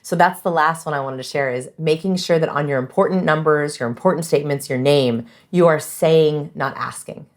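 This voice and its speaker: Answering interview questions about communication, a female guest is animated and emphatic, acting out sample phrases. Her voice is low and brisk, with hardly any pauses.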